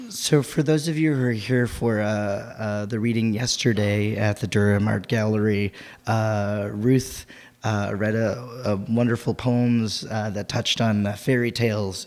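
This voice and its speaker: Hoarse gravelly man reading poems. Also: lowish voice, steady tone. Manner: halting and filler-heavy between poems, fuller and more forceful when reading. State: hoarse from a lost voice. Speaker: poet. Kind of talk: spoken word poetry reading at a festival. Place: winery event venue, live reading.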